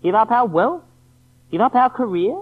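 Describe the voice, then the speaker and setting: Lively preacher on a tinny recording. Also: medium pitch, normal speed. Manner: rhetorical, emphatic, full of questions to the listeners. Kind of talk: evening sermon. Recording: tinny phone-like lo-fi sound.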